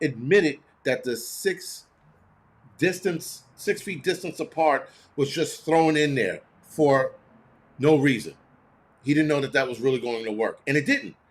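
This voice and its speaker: Blunt ranting man. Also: fairly high pitch. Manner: heated, blunt and profane, with rhetorical questions. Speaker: host. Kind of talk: casual ranting commentary.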